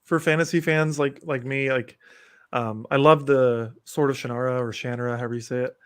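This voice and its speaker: A man's voice: mid-range voice, fairly even intonation, a little fast, a bit bright, smooth. A man hosting a podcast, talking loosely and eagerly in casual chat about fantasy books and shows. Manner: enthusiastic, lists book titles, loose and rambling. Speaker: podcast host.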